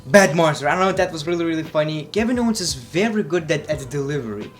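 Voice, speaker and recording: A man's voice: a little high, animated, fast talker. A man reviewing wrestling in a blunt, sarcastic, profane way, casual vlog style.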